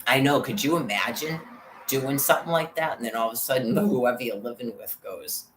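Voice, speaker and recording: A woman's voice: rumbling low, a little fast. Woman vlogger ranting and swearing, rambly, kinda echoey room. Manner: profane, agitated storytelling. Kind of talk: rambling personal rant. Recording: roomy with faint background noise.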